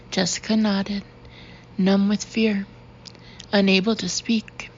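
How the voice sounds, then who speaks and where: A woman reading a thriller audiobook in a steady, even narration. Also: medium pitch, slow, long pauses. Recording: dull, slightly noisy recording.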